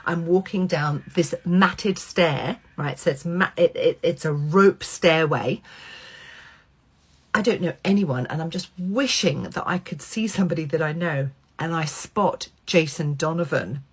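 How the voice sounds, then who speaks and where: Husky low-voiced middle-aged woman storyteller. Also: unhurried. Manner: animated, swears freely, acts out quotes. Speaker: vlogger. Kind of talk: personal anecdote storytelling.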